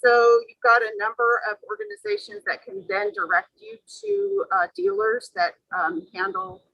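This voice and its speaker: A woman giving halting remarks on a panel as a guest, with many pauses and fillers. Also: sing-song, vocal fry, bright, forceful tone, dry recording, lo-fi sound. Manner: halting, many fillers, pitch swooping widely. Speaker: guest speaker on native plants.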